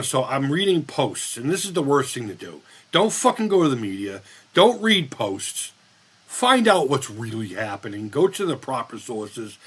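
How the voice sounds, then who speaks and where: A man's voice: mid-range voice, sing-song, moderate pace, a bit bright, husky. A man in his fifties hosting a casual live-stream chat, rambling, blunt and profane as he reads the chat. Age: 50s.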